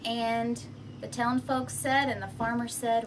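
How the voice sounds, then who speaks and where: Slow, high-voiced woman telling a fable. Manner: expressive and animated. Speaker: storyteller. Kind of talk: children's story read aloud with props. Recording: distant mic, faint background noise.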